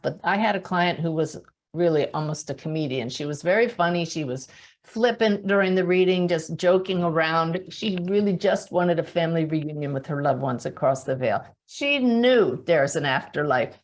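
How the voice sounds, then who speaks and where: A woman with a slightly low voice talks to her webinar audience as a medium. She tells her stories in a chatty, animated way and laughs often. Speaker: spiritual medium and webinar host. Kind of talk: monthly webinar talk, storytelling.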